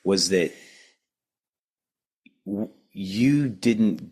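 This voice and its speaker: A man's voice: deep voice, expressive, very slow, darkish tone, slightly rough. A man guest speaking earnestly and reflectively about his marriage on a podcast. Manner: earnest, reflective, restarts often. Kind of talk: reflective conversation.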